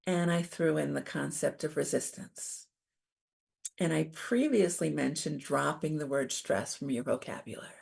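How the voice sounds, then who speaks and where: A middle-aged woman giving a calm, explanatory talk on coping with stress, as presenter. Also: low-pitched, normal speed, gravelly, breathy edge. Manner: calm, validating, explains step by step.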